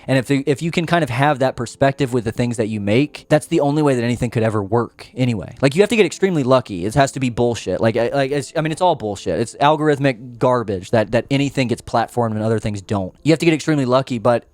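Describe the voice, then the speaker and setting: A man hosting his own show, talking in a loose, rambling way and restarting his sentences often. He sounds earnest and unpolished, and his voice sits at an ordinary middle pitch. The sound is dry and close, with no room echo. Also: expressive, quick pace, hardly any pauses, a little mellow. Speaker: podcast host. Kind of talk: casual rambling monologue.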